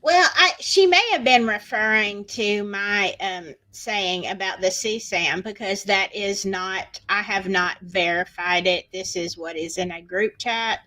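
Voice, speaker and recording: A woman co-hosting a live podcast in casual chat, agreeable and calming, laughing along with the host. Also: mid-range voice, measured pace, hardly any pauses, poor audio.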